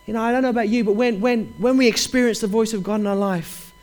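A man with a notably high voice delivers a sermon to his congregation. He reads scripture with swelling emphasis and falls into a fervent, repetitive preaching rhythm. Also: steady tone, quick pace, a little mellow.

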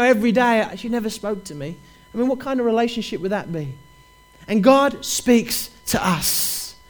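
A man preaching a sermon, reading scripture aloud in a fervent, repetitive preaching cadence with rising emphasis. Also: very high voice.

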